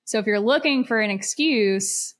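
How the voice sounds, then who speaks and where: A woman's voice: a little high, moderate pace. A woman co-hosting a casual podcast chat, dry and teasing. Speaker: podcast co-host.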